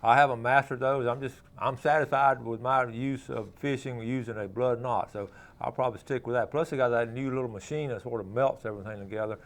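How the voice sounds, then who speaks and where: A man's voice: medium pitch, fairly even intonation, fairly quick, few pauses. A man hosting a local fishing show, chatting and demonstrating step by step in a folksy way, often ending sentences with "okay?". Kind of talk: casual how-to demonstration and chat.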